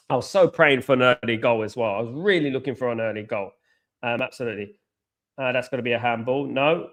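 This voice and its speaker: During a live football watchalong, a young male host talks with his viewers and reacts at full volume, veering between groaning and shouting. He speaks at a medium pitch.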